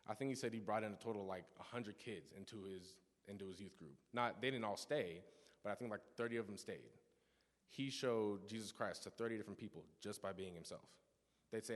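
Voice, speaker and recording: A teenage youth speaker gives an earnest personal testimony during a church service, his lowish voice at a moderate pace. He tells stories with frequent restarts and asides, and the sanctuary adds long church reverb.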